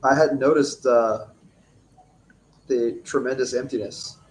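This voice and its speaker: Excitable man, faint background noise. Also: medium pitch, unhurried. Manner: enthusiastic, reacts with exclamations. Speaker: podcast co-host. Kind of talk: live match watchalong commentary.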